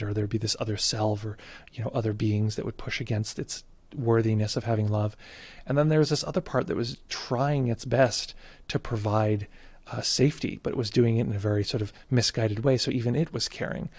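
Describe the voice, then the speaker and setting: A man speaking as a meditation teacher in a casual livestream talk, reflective and halting with many fillers and restarts. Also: on the low side, darkish tone, no echo.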